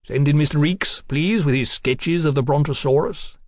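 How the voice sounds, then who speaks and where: A man playing a magisterial middle-aged museum curator, brisk and wry, in a storybook reading. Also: fairly high pitch, darkish tone, dry recording, close to an everyday voice.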